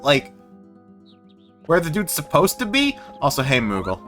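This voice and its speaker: A male streamer rambles through casual gameplay commentary, self-deprecating and salty. His voice sits a little high and swings widely in pitch. Faint game music plays underneath. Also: huge pitch swings, unhurried, pauses often, fairly bright tone. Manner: rambling, self-deprecating, swears, laughs often.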